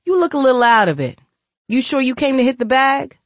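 A woman voicing a confident young man in a storybook, speaking firmly and forcefully. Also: high voice, very animated, brisk, no echo, voice pushed up. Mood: challenging.

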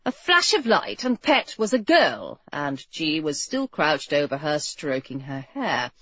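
A woman narrating a storybook in an expressive, lively reading. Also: deep voice, a little slow, husky, dry recording. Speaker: audiobook narrator. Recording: dull, muffled audio, dry.

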